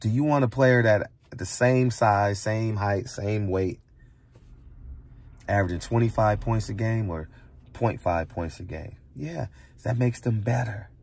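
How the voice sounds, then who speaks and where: A man's voice: lowish voice, unhurried, darkish tone. A middle-aged man from the United States delivering a heated monologue from a barbershop, blunt and preachy, repeating lines and firing rhetorical questions. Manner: hammers points with rhetorical questions. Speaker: barbershop commentator.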